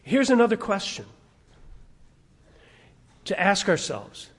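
A man's voice: high-pitched, huge pitch swings, takes it slowly, slightly rough. A man preaching a sermon as pastor, speaking emphatically and stacking rhetorical questions. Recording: long reverb of a large hall.

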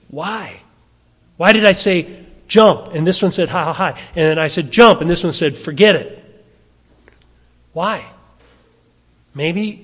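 A man's voice: high-pitched, fairly bright tone. A male pastor preaching a sermon in a conversational way, full of asides and rhetorical questions. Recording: long hall reverb.

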